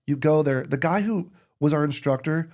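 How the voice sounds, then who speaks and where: A man talking as a podcast guest in casual chat, telling lively stories and acting out the voices of people he quotes. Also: fairly high pitch, normal speed. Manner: animated storyteller, acts out quoted voices. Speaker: guest comedian.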